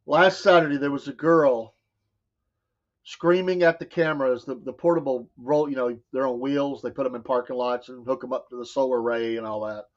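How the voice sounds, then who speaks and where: This Southern US show co-host chats casually, spinning stories, laughing a lot and imitating people's voices as he quotes them. He speaks fairly quickly in a mid-range voice with fairly even intonation, and the recording sounds dull and lo-fi.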